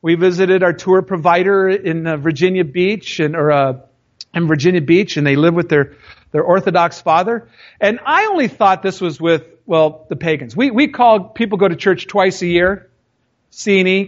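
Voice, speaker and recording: A middle-aged man preaches a sermon in a high, lively voice, telling stories and joking with his listeners. The recording is dull and lo-fi. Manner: animated, joking storyteller. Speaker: pastor.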